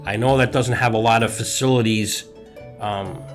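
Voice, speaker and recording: A middle-aged man, a hospital executive, talking earnestly and at a measured pace about balance on a podcast, building his points in short listed phrases. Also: lowish voice, steady tone, faint music behind. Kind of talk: reflective podcast talk.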